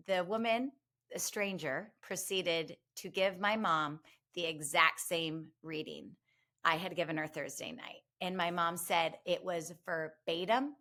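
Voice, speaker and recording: Bright, lively woman telling a story. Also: fairly low pitch. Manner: animated, expressive storytelling with many asides. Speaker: guest, medium and grief counselor. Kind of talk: conversational podcast storytelling.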